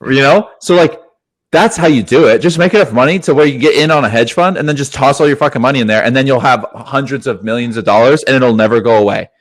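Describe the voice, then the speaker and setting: Excitable young man riffing on a podcast. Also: mid-range voice, fast. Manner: excitable, swears often, says "dude" a lot. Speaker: podcast co-host. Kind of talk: casual podcast chat.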